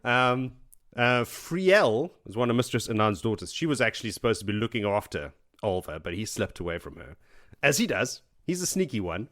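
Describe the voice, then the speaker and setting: Guy podcast host rambling thru a book recap, lower voice, does little character bits. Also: big pitch swings, normal speed, a bit bright. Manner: rambling, laughing, acts out characters' lines. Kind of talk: casual book recap chat.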